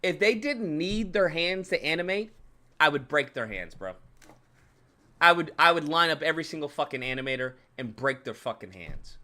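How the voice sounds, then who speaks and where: A man's voice: fairly high pitch, lively intonation, moderate pace, pushed and bright. A young man hosting his channel, ranting with profane, exasperated commentary and mocking voices. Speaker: channel host.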